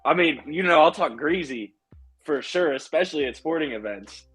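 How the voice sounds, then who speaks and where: A man in his thirties from Pittsburgh, co-hosting a sports podcast in animated, profane casual chat. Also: a little high, normal speed, slightly rough. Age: 30s. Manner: animated, profane, laughs a lot. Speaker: podcast co-host.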